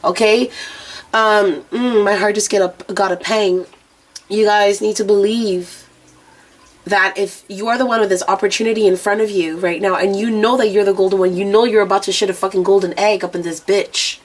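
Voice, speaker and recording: A woman's voice: medium pitch, fairly even intonation, moderate pace. A woman gives an intuitive spiritual reading outdoors, addressing the viewer directly. She is blunt and unfiltered, with frequent swearing. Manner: frank and profane, speaking straight to the viewer. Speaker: oracle and rune reader. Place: outdoors near planes and traffic.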